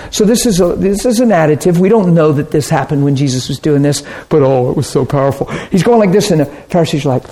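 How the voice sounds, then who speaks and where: A man preaching a sermon, animated and chatty, acting out harsh voices and laughing often. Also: a little high.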